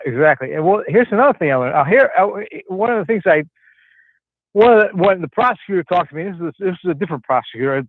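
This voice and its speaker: A man's voice: on the high side, dry recording. Man, caller, rambling storyteller, tinny phone line, dry. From Connecticut. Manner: rambling storyteller, many restarts. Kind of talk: casual phone-in chat.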